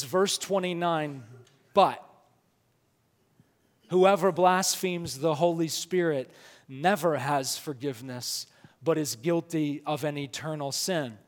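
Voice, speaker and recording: A man preaching a sermon as pastor, slowing down to read scripture and building up to loud, emphatic passages. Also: a little high, in a large hall.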